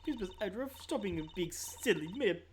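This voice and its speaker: Reading game dialogue on stream, a streamer plays a syrupy, patronizing female prison warden who is flirty and condescending. The mid-range voice is expressive, brisk, and darkish, close to an everyday voice, with a sugary, dismissive mood and pet names like darling and sweetie. Slight background noise is present.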